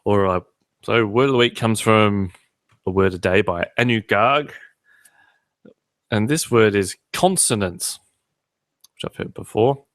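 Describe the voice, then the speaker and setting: A man's voice: lowish voice, measured pace, pauses often, fairly bright tone, no room sound, clean studio sound. A man hosting a podcast in casual chat, cracking irreverent jokes. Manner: joking, irreverent banter. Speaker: podcast host.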